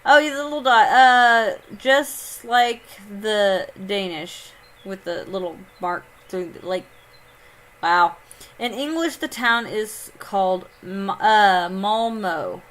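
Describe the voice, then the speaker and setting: A woman's voice: mid-range voice, slow pace, a bit bright. A woman from Indiana, chatting casually on a live stream while she plays a game, reading chat aloud and laughing often. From Indiana, United States.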